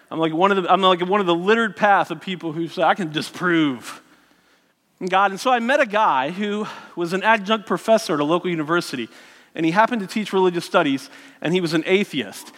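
A man's voice: high voice, a bit bright, in a large hall. A man candidly telling his personal faith story to an audience, often restarting his sentences. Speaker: speaker sharing his testimony.

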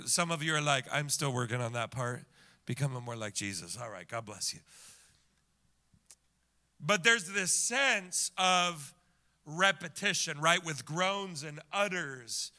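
A male pastor preaching to his congregation in a high, very bright, ringing voice. He repeats a line again and again, going from a shout down to a hush. Now and then he turns to the room with a quick question. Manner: repeats lines over and over, swinging from loud shouts to hushed whispers; talks straight to the congregation with quick asides and questions. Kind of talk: sermon.

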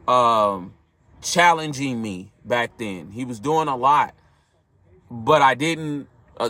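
A man's voice: mid-range voice, sharp tone. A man hosting a podcast, telling a personal story in an earnest, reflective way and speaking directly to his listeners. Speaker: podcast host.

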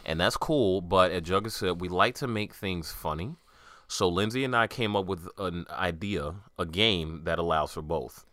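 A man's voice: sits low, normal speed, fairly bright tone, no room sound, studio quality. A man co-hosting a comedy podcast in loose, rambling chat, often breaking into laughter. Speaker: podcast co-host.

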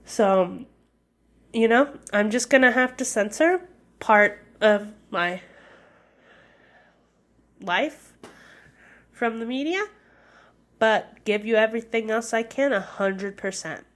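A woman's voice: fairly high pitch, slow pace, pauses often. A young woman hosting her own podcast in casual solo talk, hesitant and candid, with many fillers. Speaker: podcast host.

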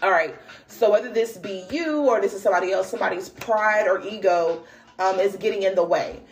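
A woman's voice: mid-range voice, brisk. A young woman hosting a spiritual podcast, telling a dream story with lots of slang and laughter, then reading cards. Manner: animated, laughing, slangy, exclaims often. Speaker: podcast host and spiritual reader. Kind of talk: casual storytelling and card reading.

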